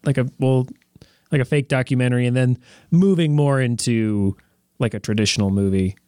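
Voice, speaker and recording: A man's voice: medium pitch, moderate pace, mellow, smooth, no echo, clean studio sound. A man in casual chat, rambling and joking with many fillers and restarts.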